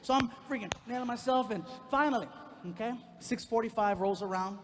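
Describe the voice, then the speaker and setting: A man doing stand-up, telling a personal story and acting out the people in it with lively energy. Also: very high-pitched, brisk, long reverb tail, a little hiss or hum. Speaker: stand-up comedian. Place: comedy stage before a live audience.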